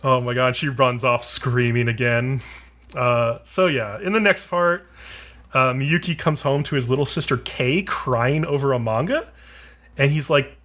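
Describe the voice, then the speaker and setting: Bright-voiced man rambling through an anime recap. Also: mid-range voice, unhurried. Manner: rambling, filler-heavy, profane, laughs often. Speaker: podcast co-host. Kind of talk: casual anime recap chat.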